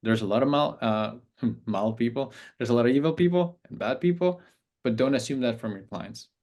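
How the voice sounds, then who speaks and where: A man's voice: mid-range voice, normal speed, darkish tone. Man, business coach, casual instructional talk, conversational. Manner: conversational, acts out sample client messages.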